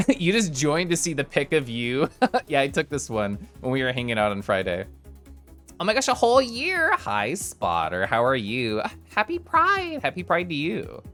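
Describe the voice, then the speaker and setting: A man streaming live, chatting casually with his viewers and answering chat with bubbly, excited exclamations. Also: medium pitch, normal speed, faint music behind.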